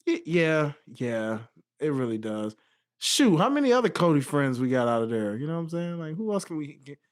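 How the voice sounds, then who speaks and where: Man, podcast co-host, casual chat, laughs often, trailing mutter, lively pitch. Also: brisk, dry recording, clean studio sound.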